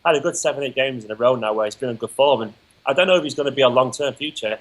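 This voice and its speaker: Fast-talking, opinionated man. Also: medium pitch, a bit bright, rough recording. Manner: quick, enthusiastic, opinionated. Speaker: guest. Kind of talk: casual football chat.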